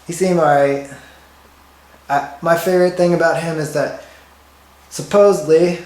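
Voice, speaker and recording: A man rambling through a deadpan comic monologue, trailing off and restarting his thoughts. His voice sits slightly higher than most men's. It rings with a roomy echo. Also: a little slow. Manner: deadpan, rambling, self-interrupting. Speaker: comedian.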